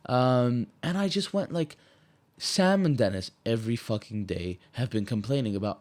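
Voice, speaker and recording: A man's voice: mid-range voice, moderate pace, darkish tone. A young man from Malta co-hosting a casual podcast, ranting in a heated, swearing, rambling way. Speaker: podcast co-host. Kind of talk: casual chat.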